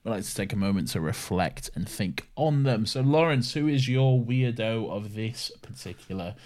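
A man's voice: on the low side, animated, moderate pace, a little mellow. A man co-hosting a casual podcast chat who rambles playfully and often loses his train of thought. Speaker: podcast co-host.

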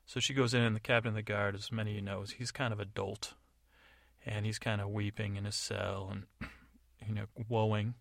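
A man hosting a sleep podcast tells a made-up bedtime story in an offhand, rambling way. His voice is gravelly and recorded dry and close. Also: fairly low pitch, flat delivery, moderate pace, a bit bright, no echo.

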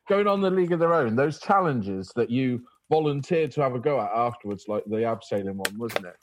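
A man's voice: mid-range voice, lively intonation, brisk. Easygoing male interviewer. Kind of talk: casual interview questions.

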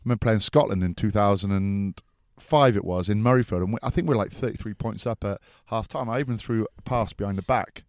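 Low-voiced former rugby player. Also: male voice, quick pace, few pauses, darkish tone, dry recording, clean studio sound. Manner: easygoing, teasing, tells anecdotes. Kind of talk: casual chat.

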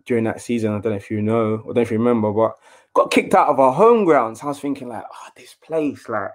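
A young man tells a story in a casual interview. His talk is chatty, and he acts out what others said in a raised, animated voice. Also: mid-range voice, fast. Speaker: former footballer, guest.

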